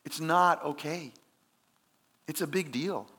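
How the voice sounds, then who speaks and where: A man's voice: a little high, slow pace, bright, forceful tone, breathy edge. A man preaching a sermon in an earnest, conversational way, with emphatic rises. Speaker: pastor.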